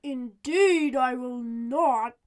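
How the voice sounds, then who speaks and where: A woman's voice: sits high, very slow. A woman reading a storybook and voicing a stubborn, proud male ash tree that refuses to give way. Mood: stubborn defiant. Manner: defiant, firm.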